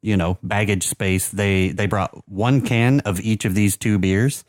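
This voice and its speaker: Low-voiced man rambling about beer. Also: fairly even intonation, a little slow, no echo, clean studio sound. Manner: rambling, hesitant, many fillers. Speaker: podcast co-host. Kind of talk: casual chat about beer and soccer.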